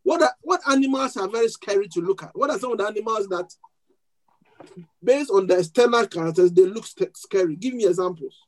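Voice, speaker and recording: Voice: medium pitch, a little fast, poor audio. Pastor preaching with a foreign accent. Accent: non-native accent. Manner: asks the congregation questions, repeats key words. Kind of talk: sermon with call and response. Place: church service before a congregation.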